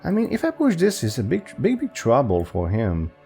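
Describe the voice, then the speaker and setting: Solving chess puzzles for his channel, this man thinks out loud in a hesitant way, restarting often as his pitch leaps. The warm, creaky voice swings hugely in pitch at normal speed over soft background music. He makes chess videos.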